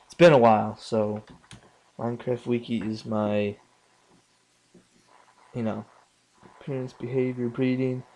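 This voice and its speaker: A young man narrates his game session at an unhurried pace, muttering under his breath between outbursts. He swears freely and jumps loud when the game surprises him. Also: mid-range voice, steady tone. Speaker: gaming channel host. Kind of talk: casual let's play commentary.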